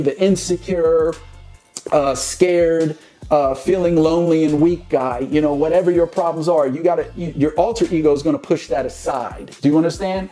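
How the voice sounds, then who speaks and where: A man's voice: a little high, mellow. A man hosting a casual dating advice monologue, who keeps checking in with "you know what I mean?".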